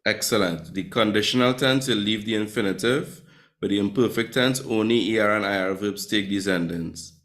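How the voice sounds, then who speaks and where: Man teaching a lively class. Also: fairly low pitch, normal speed. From Trinidad and Tobago. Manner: quizzes students, tags sentences with "right?". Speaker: Spanish teacher. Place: classroom with students.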